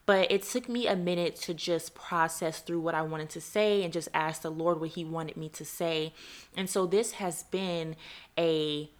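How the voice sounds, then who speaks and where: Young woman, podcast host, earnest and emotional, near tears, fairly low voice. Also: fairly even intonation, a little slow. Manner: earnest, emotional, addresses listeners as y'all. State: close to tears. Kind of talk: heartfelt faith podcast monologue.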